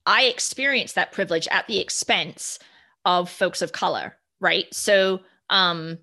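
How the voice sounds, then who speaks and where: Earnest woman with a bright, low voice. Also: unhurried. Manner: earnest, often ends points with "right?". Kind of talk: reflective podcast conversation.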